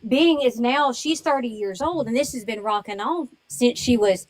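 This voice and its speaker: A woman's voice: on the high side, lively intonation, normal speed, rough recording. A woman calling in to a livestream, speaking earnestly and emotionally in a rambling way. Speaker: caller on a livestream. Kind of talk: live-stream call-in.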